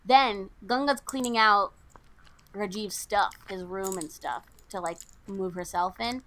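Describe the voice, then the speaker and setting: A young American woman co-hosting a podcast, retelling a movie's plot in a lively, indignant way. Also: medium pitch, measured pace. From United States. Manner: animated, indignant storytelling with quoted lines. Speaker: podcast co-host. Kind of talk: casual movie recap chat.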